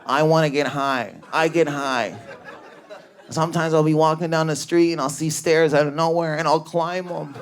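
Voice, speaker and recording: A man voicing a dazed, rambling uncle who drawls slowly in a spacey, higher voice. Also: fairly even intonation, some chatter behind, a little hiss or hum, close to an everyday voice. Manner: slow drawling, spacey delivery.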